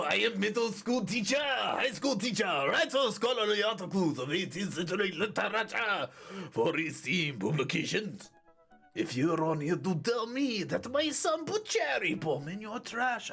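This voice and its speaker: A man voicing a boastful male teacher with a fake French accent, reading loudly for a comic dub. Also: sits high, sing-song, moderate pace, gravelly, husky, faint music behind, pitched above the performer's own voice, heavily acted. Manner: shouted, exaggerated accent.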